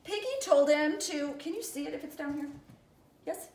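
A woman's voice: high-pitched, lively intonation, normal speed, echoey room, slight background noise. A woman teaching young children, speaking in an encouraging way and addressing them as friends. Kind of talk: children's lesson and story reading.

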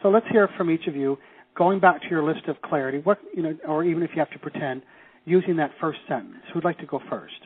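Husky man coaching over a phone line. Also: on the high side. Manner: enthusiastic, slows to stress key phrases. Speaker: seminar leader. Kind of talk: teleseminar coaching.

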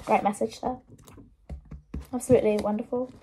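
A woman's voice: mid-range voice, fairly even intonation, moderate pace, pauses often, mellow, a little hiss or hum. A woman chatting casually on camera through earbuds, giggling and rambling with self-mocking asides. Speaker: vlogger. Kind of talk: casual show-and-tell chat. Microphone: wireless earbuds.

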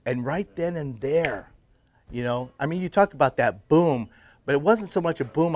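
A middle-aged man telling his personal faith story to a men's group, drifting into hushed, emotional moments. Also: fairly high pitch, lively intonation, normal speed. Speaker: testimony speaker at men's breakfast.

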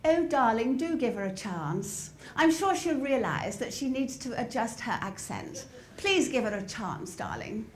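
A woman's voice: fairly high pitch, very animated, unhurried, roomy sound. A woman putting on a posh, coaxing English lady. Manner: genteel, coaxing, says "darling".

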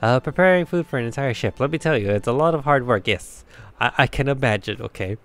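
A man's voice: medium pitch, expressive, fast talker, fairly bright tone. A man giving casual let's play commentary, chatty, laughing often and talking to himself. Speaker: game streamer.

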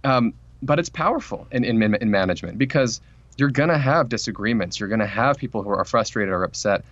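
A man's voice: medium pitch, no echo, muffled recording. A man, an author guest on a podcast, telling a workplace story in a casual interview and acting out what people said. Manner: fast, animated storytelling with acted-out quotes.

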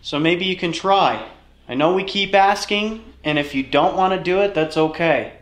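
A man's voice: sits high, moderate pace, fairly bright tone. A man hosting a ghost hunt inside an old building, earnestly pleading with spirits to answer. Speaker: paranormal investigator host. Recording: roomy echo.

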